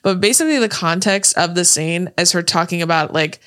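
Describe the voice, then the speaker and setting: Chatty young woman with a bright voice. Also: lowish voice, a little fast, clean tone. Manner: chatty, swears freely, many "like" fillers. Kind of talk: casual chat.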